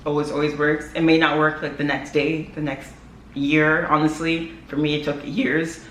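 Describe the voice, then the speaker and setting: A woman's voice: low voice, flat delivery, normal speed. A young woman chats straight to her viewers in a loose, heartfelt vlog voice, peppering her talk with fillers and little laughs. Her voice bounces around a roomy, echoing space, with a faint hum of ambience underneath. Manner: chatty and emotional, frequent "like" fillers, laughs often. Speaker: vlogger. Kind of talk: casual talking-to-camera vlog. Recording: echoey room with faint ambient noise.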